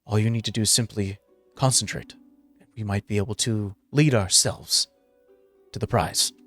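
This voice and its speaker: A man's voice: lowish voice, moderate pace, a bit bright, no room sound, faint music behind. A man narrating as game master of a tabletop game, rambling with many filler words.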